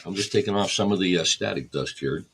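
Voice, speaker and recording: A man's voice: low-pitched, fast talker, vocal fry, fairly bright tone, slight background noise. A man hosting a record store livestream, casually explaining each step while he catalogs vinyl. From United States.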